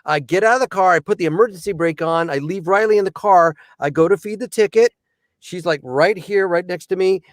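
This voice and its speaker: A comedian with a notably high voice for a man, telling a story in quick, punchy sentences. He jumps into characters as he goes. The recording is dry and close, with no room sound. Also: dry recording. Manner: animated, acts out characters, punchy short sentences. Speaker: comedian and voice actor. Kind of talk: stand-up storytelling on a podcast.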